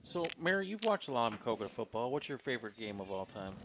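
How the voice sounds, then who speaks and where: A man calling a local baseball game play by play, relaxed and chatty with his booth partners. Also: mid-range voice, fast talker, background noise. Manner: relaxed, chatty, prone to laughing. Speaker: play-by-play announcer. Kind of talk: casual local sports broadcast.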